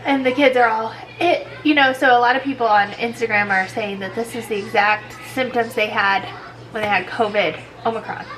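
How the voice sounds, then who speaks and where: A woman's voice: on the high side, fairly even intonation, normal speed, a bit bright, faint music behind, rough recording. A sick woman with a congested voice, chatting casually and rambling through a home vlog. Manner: tired, rambling, many likes and restarts. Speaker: vlogger.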